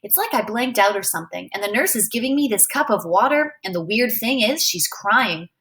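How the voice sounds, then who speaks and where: A woman reading a novel aloud as a first-person storyteller, in an expressive way. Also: mid-range voice, a little fast. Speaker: reader.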